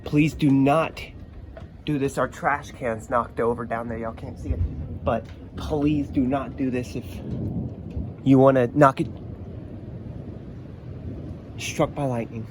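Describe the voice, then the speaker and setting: A man's voice: medium pitch, unhurried. Awed man filming a storm. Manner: awed, nervous exclamations. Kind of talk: casual handheld vlog narration. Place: outdoors during a thunderstorm with rain. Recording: outdoor phone audio, steady storm noise.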